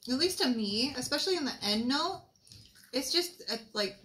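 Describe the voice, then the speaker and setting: A woman's voice: high-pitched, lively intonation, moderate pace, sharp tone, low-quality recording. A woman joining a casual snack-tasting video, chatty and joking about the flavors.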